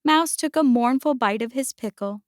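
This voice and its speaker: A woman gently and expressively reading a picture book aloud. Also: sits high, moderate pace, no room sound, clean studio sound. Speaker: storyteller.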